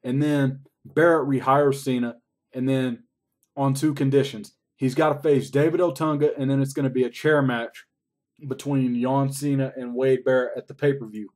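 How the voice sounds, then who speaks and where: A man's voice: mid-range voice, fairly even intonation, normal speed, a little mellow. A man recapping a wrestling show in a casual, rambling way, swearing often. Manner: profane, rambling play-by-play.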